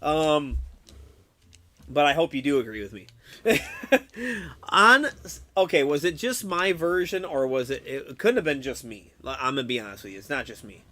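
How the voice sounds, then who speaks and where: A young man streaming, chatting casually with his viewers, excitable, swearing a lot and laughing often. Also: mid-range voice, moderate pace. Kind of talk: casual live-stream chat about a game.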